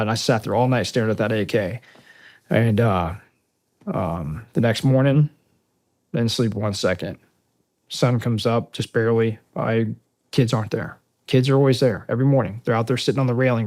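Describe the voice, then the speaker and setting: A middle-aged man, a podcast guest, tells an emotional war story in halting, profane bursts, choking up until he is near tears. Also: on the low side, gravelly, darkish tone. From United States.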